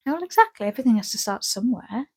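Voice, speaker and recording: A woman's voice: a little high, expressive, quick pace, breathy edge. A woman co-hosting a podcast in casual chat, rambling and joking, acting out little scenes. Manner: rambling, jokey, acts out scenes. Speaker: podcast co-host.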